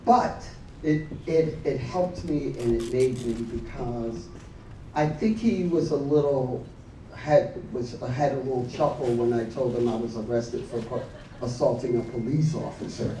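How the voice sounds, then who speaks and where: A man telling a personal story at a memorial gathering, laughing often and acting out quoted lines loudly. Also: mid-range voice, a little slow, a little hiss or hum. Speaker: memorial speaker. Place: large hall. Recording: echoey hall, mic from far off.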